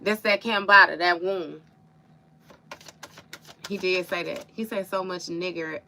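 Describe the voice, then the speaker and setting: A woman's voice: fairly low pitch, steady tone, measured pace, vocal fry, bright, forceful tone, a little hiss or hum. A woman doing a live tarot reading, talking to her viewers in a casual, emphatic, slangy way. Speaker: tarot reader.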